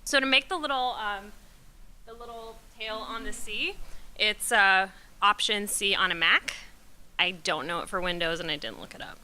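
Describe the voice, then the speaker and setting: A young woman from Curaçao gives a relaxed slide presentation, chatty and self-deprecating, with plenty of ums and side remarks. Her voice is bright and smooth, with a clean, clear tone. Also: medium pitch, moderate pace. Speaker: presenter at a company talk.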